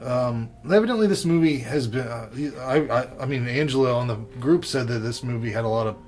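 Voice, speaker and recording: A man co-hosting a podcast, chatting casually about horror films with a profane, joking, animated delivery. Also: mid-range voice, a little fast, faint music behind. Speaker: podcast co-host. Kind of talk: casual movie review chat.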